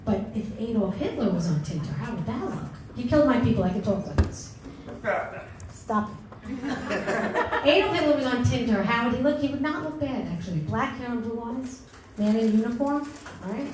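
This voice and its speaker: Over background noise and audience laughter echoing through the club, a middle-aged woman delivers a brash, self-mocking stand-up set. Her voice sits high.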